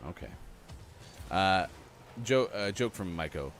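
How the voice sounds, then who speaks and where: Male morning host, low and lively, faint music under him. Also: slow, a little hiss or hum. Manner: chatty, laughs at his own jokes. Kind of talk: casual live-stream chat.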